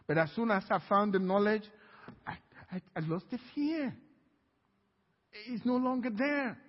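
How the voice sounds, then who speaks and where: A man preaching a sermon in a church, telling a personal story and swinging from quiet to loud. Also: sits high, a little slow. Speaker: guest preacher. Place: church sanctuary. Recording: dull, reverberant church hall.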